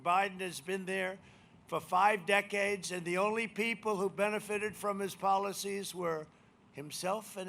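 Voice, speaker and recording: An older man giving a campaign rally speech, rambling and boastful, swinging between shouted lines and muttered asides. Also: sits high, slight background noise. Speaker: political speaker at a rally. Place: outdoor rally crowd.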